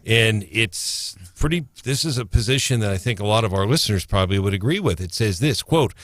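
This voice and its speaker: A man co-hosting talk radio, with a lowish voice and an earnest, hesitant way of talking. He is close and dry on the studio mic. He pauses and restarts as he lines up his points. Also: lively intonation, no echo. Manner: earnest, hesitant, reads out quotes.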